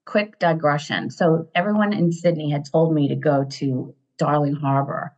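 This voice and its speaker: An American woman in her fifties from Ohio, a guest telling stories in a casual interview, animated and digressive, often laughing. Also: low voice, moderate pace. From Ohio, USA. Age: 50s. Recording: dull lo-fi sound.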